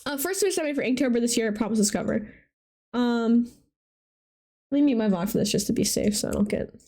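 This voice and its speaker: A woman's voice: a little high, brisk, warm tone. A woman hosting a live stream, chatting casually and reacting animatedly to viewers' artwork. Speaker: livestream host showcasing community art.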